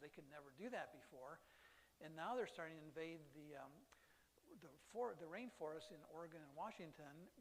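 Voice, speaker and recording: A man's voice: on the high side, slight background noise. A man giving a chatty, enthusiastic lecture on birds to a live audience in a hall, often restarting his sentences. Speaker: birding lecturer.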